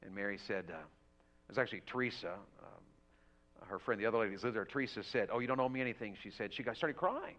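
A man preaching a revival sermon in a church, telling a homey story and building to loud, fervent exhortation. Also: lowish voice, expressive, fast talker. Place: church sanctuary. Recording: dull lo-fi church audio.

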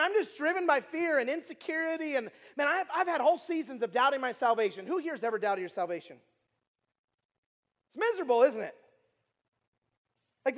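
High-voiced preacher in an echoing hall. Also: male voice. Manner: conversational and animated, with filler words and loud emphatic peaks. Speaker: itinerant preacher. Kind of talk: sermon with personal storytelling. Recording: long reverb from a large hall.

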